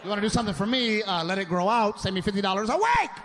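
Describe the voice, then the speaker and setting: Stand-up comic, male, high voice, loud exasperated rants on a noisy live show recording. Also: big pitch swings, very fast, crowd noise. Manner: loud, exasperated ranting with shouted bursts. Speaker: stand-up comedian.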